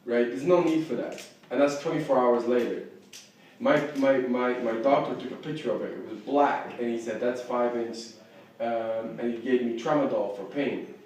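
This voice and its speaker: A man's voice: medium pitch, moderate pace, darkish tone. A man telling of his mistreatment in an upset personal account, agitated and repeating himself. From not American. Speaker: interviewee. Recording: very echoey room from far off.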